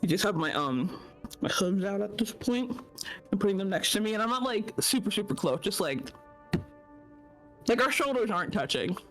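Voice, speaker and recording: A player describing their character's actions in a rambling, casual way, often laughing and filling pauses. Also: mid-range voice, lively intonation, fairly bright tone, faint music behind. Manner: rambling, laughing, with many fillers. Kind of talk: casual tabletop play.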